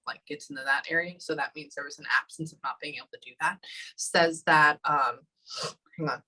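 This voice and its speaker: Bright-voiced woman giving a halting psychic reading. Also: deep voice, husky, poor audio. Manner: halting, often pausing with hold on and um. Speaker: psychic medium. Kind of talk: live psychic reading session.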